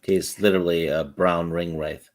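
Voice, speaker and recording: A man chiming in on a casual discussion with halting, joking asides. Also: low voice, fairly even intonation. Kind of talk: casual chat.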